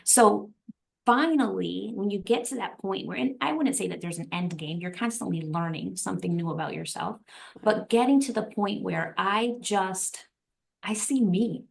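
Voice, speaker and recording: Brief: woman podcast guest, earnest and reflective, a bit of vocal fry. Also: mid-range voice, moderate pace. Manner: earnest, reflective, repeats phrases for emphasis. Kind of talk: heartfelt podcast conversation.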